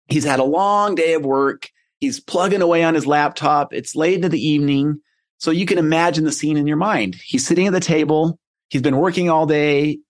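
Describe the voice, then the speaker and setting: Earnest man hosting a motivational podcast. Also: on the high side. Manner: earnest, storytelling, conversational. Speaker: podcast host.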